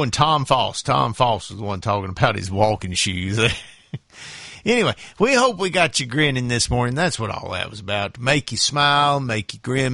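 A man's voice: medium pitch, vocal fry, pushed and bright, no room sound, studio quality. A man hosting a morning radio show, chatting casually with chuckles and a lot of fillers. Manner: chuckling, rambling, with many fillers. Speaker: radio host.

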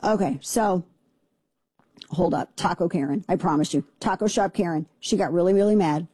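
Woman, talk radio host, lowish mellow voice, indignant and sarcastic, dry close mic. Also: breathy edge, dry recording. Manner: indignant, sarcastic, rapid asides. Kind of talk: opinionated talk radio commentary.

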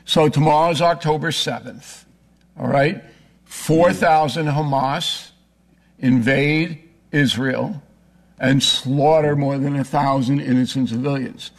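A man making a forceful, argumentative case in a heated political debate, often cutting in. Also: medium pitch, steady tone, takes it slowly, gravelly. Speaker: political commentator.

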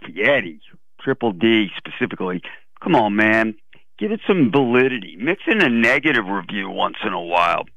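A man's voice: fairly low pitch, big pitch swings, normal speed, dry recording. A male caller vents plainly and bluntly, plainly fed up. He comes through a dull, muffled phone line with no room around him. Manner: exasperated, blunt. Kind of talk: phone-in rant.

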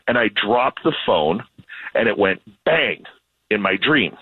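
Canadian radio guy telling a story, animated and self-deprecating, kinda husky, sounds like a phone call. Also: mid-range voice, measured pace, no echo. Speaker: radio host and guest. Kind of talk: casual storytelling conversation.

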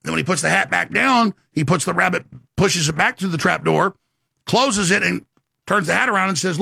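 A man hosting a talk show, delivering an emphatic rant and sales pitch with sudden swings in pitch. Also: normal speed, creaky, sharp tone, slightly rough, dry recording, clean studio sound.

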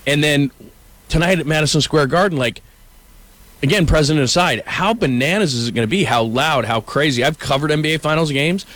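A middle-aged man, a sports journalist and co-host, telling stories in casual sports talk with quick asides. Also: fairly high pitch, no room sound. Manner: animated storyteller, quick asides.

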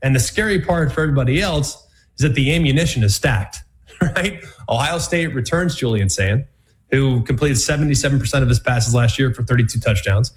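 A man's voice: mid-range voice, fairly quick. A man hosting a college football analysis show, talking in a punchy, emphatic way with plenty of repetition. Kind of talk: sports commentary show.

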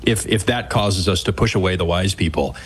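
A man speaking in a reflective conversation, thoughtful and halting, with frequent restarts. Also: low-pitched, breathy edge.

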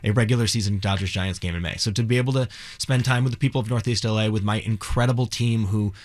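A man from Cleveland who owns a bar, talking earnestly and quickly as a guest in a radio studio, often restarting his sentences. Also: on the low side, steady tone. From Cleveland, Ohio. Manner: earnest, fast, with many restarts. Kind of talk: casual interview.

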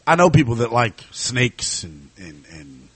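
A man's voice: mid-range voice, a little slow, slightly rough, no echo. A man hosting a sports talk show, chatting casually with lots of fillers. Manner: conversational, animated, lots of fillers.

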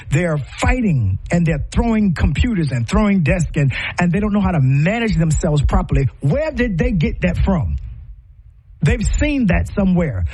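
Husky, impassioned preaching-style man. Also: high voice, darkish tone, rough recording. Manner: passionate, rhetorical questions, rises and falls sharply. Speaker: speaker on parenting.

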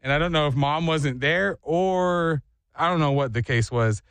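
A man hosting a morning radio show, telling stories in a lively, chatty way. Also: a little high, normal speed, no room sound. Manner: lively storytelling.

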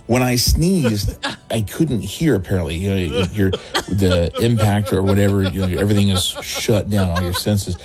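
A man's voice: sits low, brisk, a little mellow, slightly rough, soft background music, low-quality recording. A man casually telling an embarrassing story on a radio show, laughing as he acts out what everyone said. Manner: laughing through his story, acting out quotes. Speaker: caller telling a confession.

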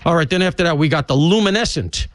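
Male radio host, slightly higher voice, dry studio sound; blunt, rambling, opinionated monologue. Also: animated, fast talker, no echo. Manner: rambling, blunt, swoops up in pitch for emphasis. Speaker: radio talk show host. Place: broadcast studio.

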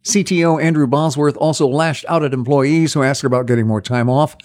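A man reading a scripted tech news report in a crisp, even delivery. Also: a little high, brisk. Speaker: news anchor. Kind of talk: radio news read.

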